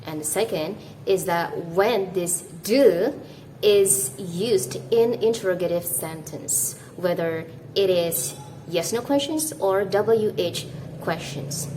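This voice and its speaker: A young Indonesian woman teaching English to camera, speaking slowly and carefully and demonstrating how words sound. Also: mid-range voice, warm tone, a little hiss or hum, poor audio. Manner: slow, careful, demonstrates pronunciations. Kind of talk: scripted English lesson to camera.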